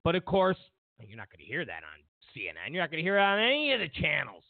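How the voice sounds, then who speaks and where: A man's voice: fairly high pitch, huge pitch swings, fast talker, vocal fry, dry recording. A man hosting a political commentary show, mocking and sarcastic, repeating lines for emphasis. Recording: tinny phone-like sound.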